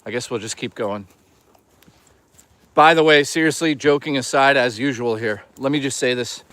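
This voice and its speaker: A man's voice: mid-range voice, normal speed, a bit bright, no echo. A man casually chatting and joking with his live chat while out in the woods. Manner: joking, loose and teasing with chat. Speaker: streamer. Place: outdoors in the woods.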